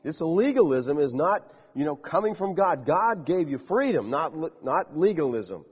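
A man in a church sanctuary delivers an animated sermon, his pitch swinging widely as he stresses each point. His voice is a touch husky and sits on the higher side. The recording is dull and lo-fi, with long reverb hanging in the hall. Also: moderate pace. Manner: animated, emphatic preaching with rhetorical questions. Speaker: pastor.

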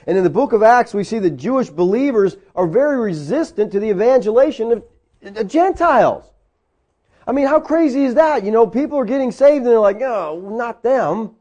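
A man's voice: high voice, lively intonation, a little fast, warm tone. A man preaching a sermon, conversational and full of rhetorical questions. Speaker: pastor.

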